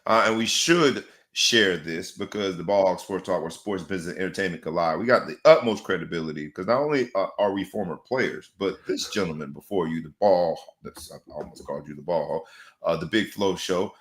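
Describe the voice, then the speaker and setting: A man's voice: deep voice, fairly quick, a bit bright. A man hosting a sports talk show, theatrical and rhyming with big swings in emphasis. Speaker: host. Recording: echoey room.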